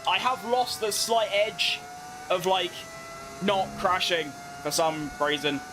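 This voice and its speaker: A man's voice: high-pitched, slow, music in the background. A young man giving casual, self-mocking commentary as he plays a racing game, rambling and restarting his sentences. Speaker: gaming video creator. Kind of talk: casual commentary over gameplay.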